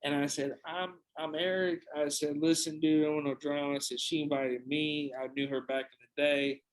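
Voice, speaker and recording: A young man with a somewhat high-pitched voice hosts a podcast and spins a long, rambling story. He swears freely and often stops to restart his sentences in a loose, casual way. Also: flat delivery, normal speed, rough recording. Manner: profane, rambling anecdote with many restarts. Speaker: podcast host.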